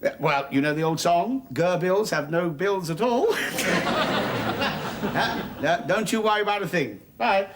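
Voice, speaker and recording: An actor playing a fussy, indignant middle-aged husband who stammers and blusters, in a 1980s British sitcom. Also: male voice, high-pitched, measured pace. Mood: flustered. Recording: TV studio with loud noise and audience laughter.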